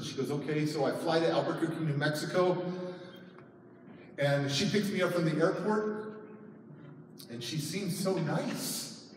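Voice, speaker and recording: A man in his thirties tells a personal story as a conference speaker, acting out voices with lively laughter. His voice sits high for a man. He sounds far from the mic in a big hall, with long reverb and faint noise behind him. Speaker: motivational speaker. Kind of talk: storytelling keynote speech.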